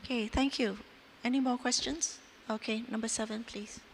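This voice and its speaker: A moderator calls on audience members. The voice sits mid-range, and clear background noise runs under the speech at the event. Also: medium pitch, fairly even intonation, normal speed.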